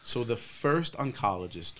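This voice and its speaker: A middle-aged man, once a police officer, tells a long personal story in casual conversation in a medium-pitched, sing-song, slightly slow voice, with a crowd audible behind him. He rambles, acts out other people's quotes, and uses many fillers.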